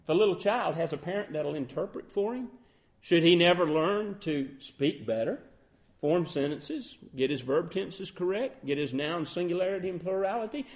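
A man preaching a sermon, earnest and emphatic, reading scripture in a measured cadence and easing into soft reflection. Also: high voice, animated. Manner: earnest, rising to emphatic peaks then quieting to soft reflection; quotes King James scripture in measured cadence.

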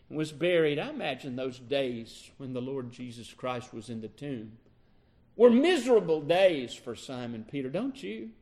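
A male preacher delivering a sermon, retelling a scene dramatically and asking the listeners direct questions. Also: on the high side.

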